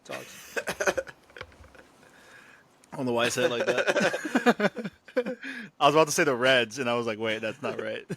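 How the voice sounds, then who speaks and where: A man's voice: mid-range voice, sing-song, normal speed, long pauses, fairly bright tone, no room sound. Guy on a sports podcast, jokey, laughs a lot, keeps forgetting names. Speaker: podcast co-host. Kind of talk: casual sports chat.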